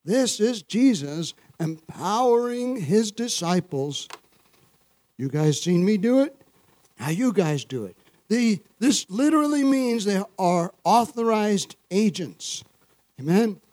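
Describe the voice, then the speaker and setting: A man's voice: high-pitched, sing-song, slow pace, a little mellow, no echo. A man preaching a sermon as pastor, often asking the congregation "Amen?" and chuckling between points. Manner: call-and-response, frequent "Amen?" and chuckles.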